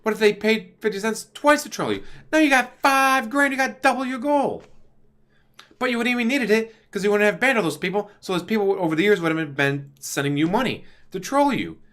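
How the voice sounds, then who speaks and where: A man giving a casual, exasperated commentary rant to camera on his channel, talking with big swings in pitch. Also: expressive, brisk, a bit bright. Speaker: YouTube commentator. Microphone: desk USB microphone.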